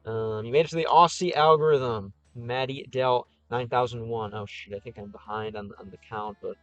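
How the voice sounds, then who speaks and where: A man's voice: medium pitch, moderate pace, fairly bright tone, lo-fi sound, faint music behind. A man casually chatting on a livestream as he answers viewer comments, thinking aloud with frequent restarts. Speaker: streamer answering live chat.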